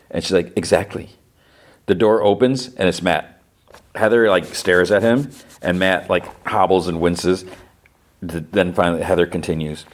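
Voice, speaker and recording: A man hosting a podcast, casually retelling a TV episode scene by scene in quick quoted dialogue. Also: sits low, steady tone. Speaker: podcast host.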